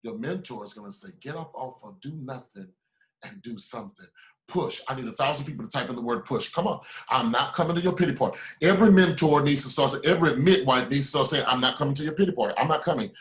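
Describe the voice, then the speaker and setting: A man, a business mentor, giving a motivational speech in a preachy, repetitive way, swinging between loud urging and low asides. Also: fast talker.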